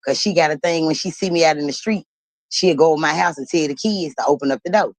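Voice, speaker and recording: A woman hosting a livestream, telling a story in an animated, blunt and profane way and laughing as she talks. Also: sits low, fast, no room sound, rough recording. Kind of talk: casual storytelling.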